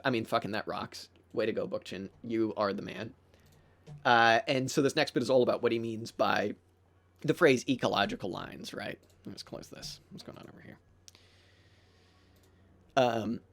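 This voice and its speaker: A man's voice: mid-range voice, gravelly. A young man hosting a podcast livestream, chatting casually and reading a book aloud with loose, profane enthusiasm and lots of fillers. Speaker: podcast host. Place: room near church bells.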